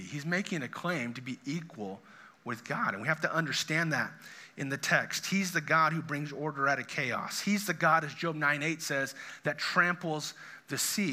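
Bright high-voiced man preaching a sermon. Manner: earnest preaching, rhetorical questions, drops low and soft for quoted words of comfort. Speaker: pastor.

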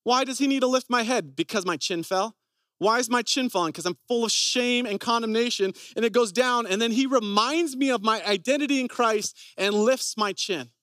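A man with a notably high speaking voice delivers a sermon, weaving personal stories into earnest, conversational teaching. The sound is close and dry, with almost no room around it. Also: normal speed, fairly bright tone, no room sound. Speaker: preacher.

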